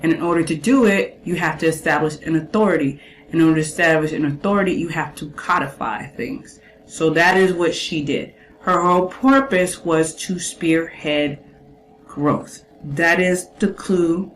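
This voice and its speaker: A woman's voice: sits low, normal speed, slight background noise. A woman hosting a casual reaction commentary, chatty and emphatic with slangy asides. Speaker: host reacting to a clip.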